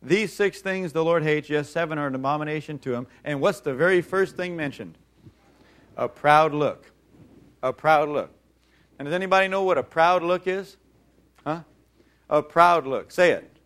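A man preaching a sermon in an animated way, acting out voices and calling on the congregation to respond. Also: a little high, moderate pace, long pauses, smooth. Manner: animated, acts out mocking voices, calls for audience response.

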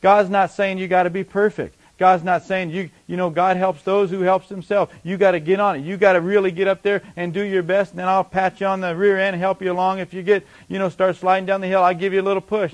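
A man with a high voice preaches a sermon in an easy, conversational way. He asks the congregation rhetorical questions and answers them himself, and his voice swells with emphasis as he presses a point. When he reads scripture, his delivery becomes slow and deliberate. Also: level tone. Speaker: pastor.

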